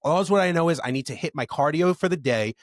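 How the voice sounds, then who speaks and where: A man's voice: a little high, expressive, fast, dry recording. Man telling blunt stories, dry sound. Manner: candid, profane storytelling. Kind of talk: casual chat.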